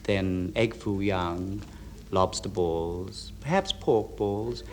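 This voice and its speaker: A man playing a panel game, talking in lively bursts, on an old recording with an audience. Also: low-pitched, slow pace, slight background noise. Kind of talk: improvised panel game monologue. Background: studio audience laughter.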